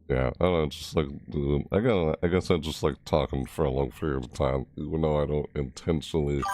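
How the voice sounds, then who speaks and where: Man, casual live-stream chat, rambling, reads chat aloud, very low pitch, mellow.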